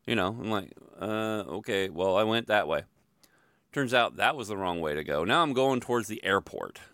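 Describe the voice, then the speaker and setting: A man's voice: lowish voice, expressive, normal speed, a bit bright, dry recording, clean studio sound. A middle-aged man from the Louisville area telling a rambling, self-deprecating personal story, full of fillers and asides. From Louisville, Kentucky area. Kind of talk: casual storytelling monologue.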